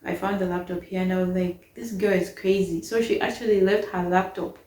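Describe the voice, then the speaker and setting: Young woman, casual storyteller, lowish voice, exasperated and lively, roomy echo. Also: brisk. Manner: animated, exasperated retelling.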